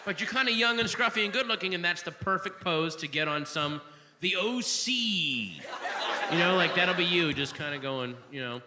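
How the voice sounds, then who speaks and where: A man doing a live stand-up set in a comedy club, ranting profanely and shouting at the audience. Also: high-pitched, expressive, moderate pace, big-room sound. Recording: live club recording, crowd and room noise.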